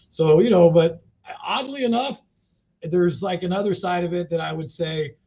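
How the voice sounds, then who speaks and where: Heard through dull lo-fi podcast audio with a little hiss or hum, a cannabis company CEO with a high-pitched, darkish voice speaks at normal speed. Being interviewed casually, he rambles bluntly and profanely, full of fillers.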